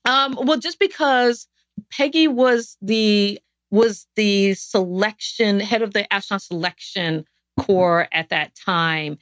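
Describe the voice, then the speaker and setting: A woman's voice: mid-range voice, takes it slowly, a bit bright, no echo. A woman speaks as a podcast guest, recounting her story in an earnest, reflective way that often circles back on itself. Her voice sits in a middle range. The sound is slightly dull and very dry, with no room around it.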